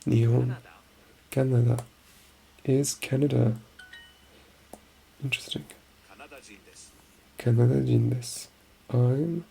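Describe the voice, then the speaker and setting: Soft gravelly ASMR murmur. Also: medium pitch. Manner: murmured, often dropping to a whisper; repeats practice words slowly to themselves. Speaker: ASMR creator. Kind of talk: soft-spoken ASMR rambling.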